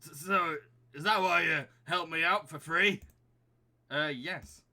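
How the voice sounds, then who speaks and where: A man's voice: on the high side, takes it slowly, sharp tone, pitched above the performer's own voice, exaggerated voice. A man voicing a goofy, bumbling young friend who rambles and laughs in a game read-along. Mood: excited.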